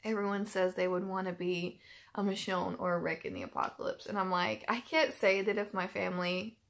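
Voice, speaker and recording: Expressive and brisk, the reaction-channel host has a mid-range, gravelly, fairly bright voice. Her casual YouTube chat is emotional, with plenty of fillers and restarts.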